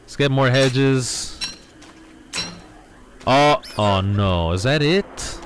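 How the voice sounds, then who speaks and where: A man giving casual, excitable let's-play commentary, talking to his viewers with frequent exclamations. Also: mid-range voice, very slow, long pauses, a little hiss or hum. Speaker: gaming YouTuber.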